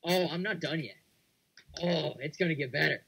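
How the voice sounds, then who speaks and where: A man on a casual podcast, telling a long scenario in excited play-by-play. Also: fairly high pitch, moderate pace, gravelly, rough recording. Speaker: podcast panelist.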